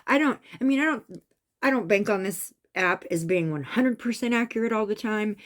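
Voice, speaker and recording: A woman's voice: medium pitch, moderate pace. Emphatic woman telling a spooky story. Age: adult with a son. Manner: animated, emphatic, raising voice at tense moments. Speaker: vlogger recounting a psychic experience. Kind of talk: casual storytelling monologue.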